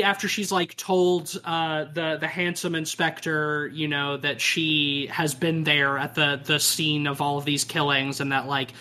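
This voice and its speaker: Man, podcast co-host, casual film chat, animated, laughing, bright tone, slightly high voice.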